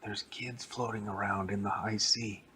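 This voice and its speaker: A man voicing a bossy older boy who turns scared, speaking high and loud. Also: level tone, normal speed, a little hiss or hum. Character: whiny fearful older boy.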